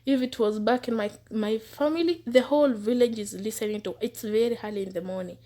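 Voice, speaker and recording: A woman telling her own story as a former housemaid, in an earnest, casual way. She repeats words for emphasis and sometimes drops into hushed asides. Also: on the high side, a little fast. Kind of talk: personal testimony, casual storytelling.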